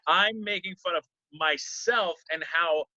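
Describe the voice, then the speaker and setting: A man's voice: sits high, a little slow, bright, forceful tone, dry recording, highs cut off. A man, a comedian, chatting casually in an interview, rambling with many fillers and restarts.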